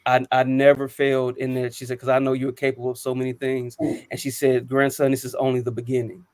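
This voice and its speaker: A man's voice: medium pitch, completely flat delivery, fast, darkish tone, clean tone, dry recording. A man in his thirties telling personal stories on a panel talk show, earnest and reflective, with frequent ums and restarts. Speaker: co-host.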